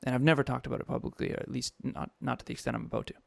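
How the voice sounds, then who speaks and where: A man's voice: medium pitch, little pitch movement, very fast, vocal fry, dry recording. A man in his thirties co-hosting a podcast, telling a personal story in an emotional, confessional way with frequent restarts. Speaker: podcast co-host.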